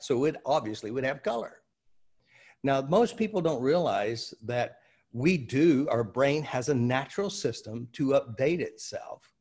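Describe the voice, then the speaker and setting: A man from the United States, a seminar trainer explaining ideas through lively anecdotes in conversation. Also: mid-range voice, slightly rough. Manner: animated anecdotal delivery with fillers.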